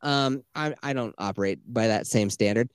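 A man in casual podcast chat, spinning a long story with plenty of swearing and lively bursts. His voice sits in a middle pitch and is recorded dry and close, with little room sound. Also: normal speed, smooth, no room sound. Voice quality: profane, animated storyteller. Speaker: podcast host.

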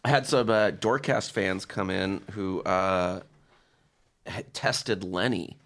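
Lower-voiced man hosting casual chat. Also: gravelly. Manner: relaxed storytelling, quick laughs, put-on voices in quotes. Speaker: podcast host.

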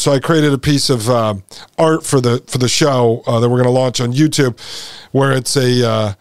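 A male podcast host speaking alone in an emphatic, conversational monologue, turning to his listeners as he goes. His voice sits a little above the usual male range. The sound is dry and close, with hardly any room echo. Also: a little high. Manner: emphatic, talks directly to listeners.

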